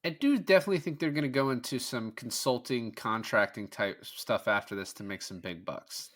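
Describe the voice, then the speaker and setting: Bright-voiced man in animated movie chat. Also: medium pitch. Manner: animated, acts out movie scenes in quick quoted bits. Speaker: podcast guest.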